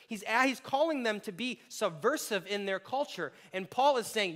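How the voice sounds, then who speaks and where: High-voiced man preaching animatedly. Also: normal speed, few pauses. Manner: animated, conversational preaching with playful asides. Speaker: pastor. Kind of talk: sermon.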